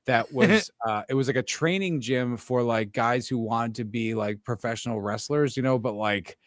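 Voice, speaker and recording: A man's voice: medium pitch, normal speed, no room sound. A man chatting casually on a podcast, rambling and self-mocking, with lots of fillers. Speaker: podcast co-host. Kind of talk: casual chat.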